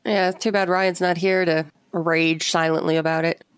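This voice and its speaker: Teasing woman co-host, low voice. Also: little pitch movement, normal speed, smooth. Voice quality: teasing, laughing easily. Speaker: podcast co-host. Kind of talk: casual podcast chat.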